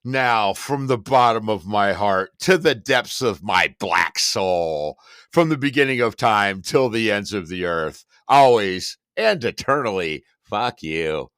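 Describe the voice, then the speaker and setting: A man's voice: fairly low pitch, expressive, slow pace, a bit bright, smooth, dry recording. A man co-hosting a podcast, mostly giving short replies and dry wisecracks, closing with a mock-solemn sign-off. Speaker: podcast co-host. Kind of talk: casual chat.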